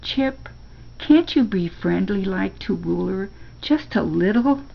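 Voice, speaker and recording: A woman's voice: medium pitch, animated, slow pace, vocal fry, dull audio, full character voice. An older woman reading a storybook aloud and voicing an earnest young boy who is eager to please. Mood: remorseful. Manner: pleading, then scolding his dog sharply.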